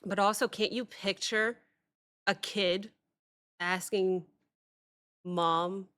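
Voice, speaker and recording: A woman hosting a music reaction video, talking reflectively in a halting way with many pauses and fillers. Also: mid-range voice, steady tone, fairly bright tone. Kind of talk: casual reaction commentary.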